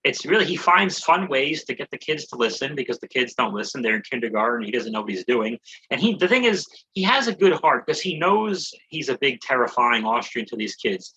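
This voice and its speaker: A man talks loosely on a comedy podcast, his voice bright but husky. He recaps a film in a rambling, joking style and throws in some swearing. The sound is dull and lo-fi. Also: mid-range voice, big pitch swings, brisk, few pauses. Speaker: podcast co-host. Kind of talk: casual comedy podcast chat.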